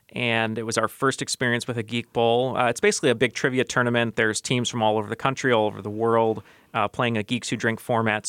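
A man's voice: medium pitch, gravelly, fairly bright tone, smooth, no room sound. A man, a podcast host, answering interview questions in a radio studio, earnest and thoughtful with many fillers and restarts.

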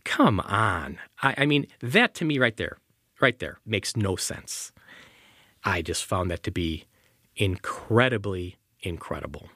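A male attorney speaks in a lively, swooping voice, full of skepticism and disbelief. The recording is dry and close, with no room sound. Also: fairly low pitch, unhurried, husky, no echo. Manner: skeptical, incredulous, animated. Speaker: defense attorney. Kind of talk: recorded interview.

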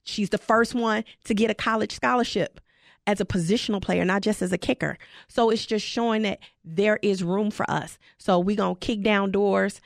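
A woman who is a high school football head coach, talking passionately and emphatically in an interview. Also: steady tone, moderate pace, creaky, dry recording, studio quality. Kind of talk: casual interview talk.

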